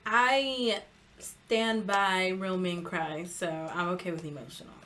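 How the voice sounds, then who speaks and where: A young woman as a guest on a casual talk show, speaking frankly with many fillers and quick laughs. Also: medium pitch, fairly even intonation, pushed and bright, slight background noise. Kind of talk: casual chat.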